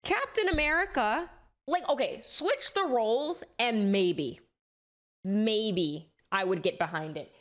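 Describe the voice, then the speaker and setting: A woman's voice: mid-range voice, lively intonation, slow pace. Chatty young woman streamer who swears freely. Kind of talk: casual live-stream chat.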